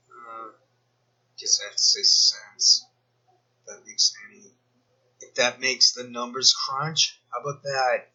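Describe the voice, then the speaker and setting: A man's voice: medium pitch, pushed and bright, breathy edge, muffled recording. A man giving rambling, sarcastic commentary as a YouTuber, full of mocking asides and digressions. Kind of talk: rambling screen-share commentary.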